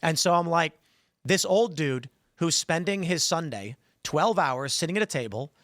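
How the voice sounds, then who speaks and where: A man hosting a podcast, telling stories in an animated way and acting out the voices in them. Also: a little high, moderate pace, no room sound, clean studio sound. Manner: animated storyteller, acts out quoted voices. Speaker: podcast host. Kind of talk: casual talk-show chat.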